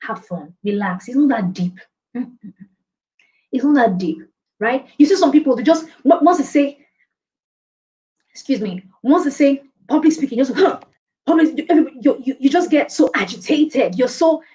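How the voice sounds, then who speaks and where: In a live online training session, a woman coaches a class on giving presentations, reading viewer comments aloud and laughing often. Her voice is high-pitched and dark in tone, with lively intonation and a moderate pace. The stream audio is dull and lo-fi.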